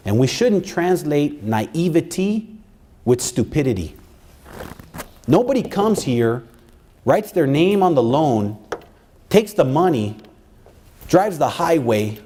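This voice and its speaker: A middle-aged man telling a personal story to an audience in an animated way, dropping Spanish phrases into his talk. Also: medium pitch. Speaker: speaker addressing college staff.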